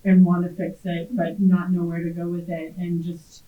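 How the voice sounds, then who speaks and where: A thoughtful middle-aged woman with a lowish voice shares reflections on a panel, repeating words as she works through her ideas. Her voice has a thin, phone-like quality. It echoes around the room. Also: completely flat delivery, moderate pace. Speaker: parent panelist. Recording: echoey, tinny.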